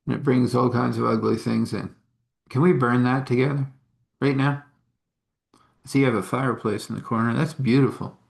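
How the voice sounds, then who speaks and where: Man quoting a calm firm spirit cleanser. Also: medium pitch, normal speed, vocal fry, pauses often, natural voice.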